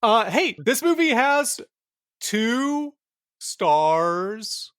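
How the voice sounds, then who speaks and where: A man co-hosting a casual film podcast, often pausing on filler words and restarting his sentences. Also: very high-pitched, sing-song, fairly bright tone, clean tone, no room sound, clean studio sound. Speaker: podcast co-host.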